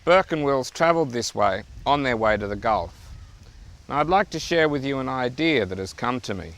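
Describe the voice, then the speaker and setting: A man's voice: mid-range voice, expressive, moderate pace, fairly bright tone. A man with an Australian accent, an expedition artist musing aloud to the camera by a river outdoors. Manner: thoughtful, speculative.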